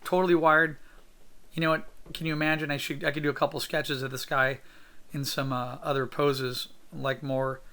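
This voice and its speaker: Upbeat gravelly man teaching drawing. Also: a little high, level tone, normal speed, sharp tone. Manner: upbeat, encouraging, thinks aloud with fillers. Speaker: art teacher sketching on camera. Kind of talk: casual drawing tutorial narration.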